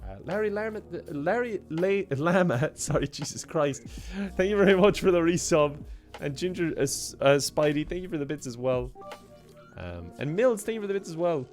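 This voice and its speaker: A young Irish man chatting casually on a live game stream, reading out and thanking chat messages in a relaxed way and laughing often. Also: fairly high pitch, moderate pace, faint music behind.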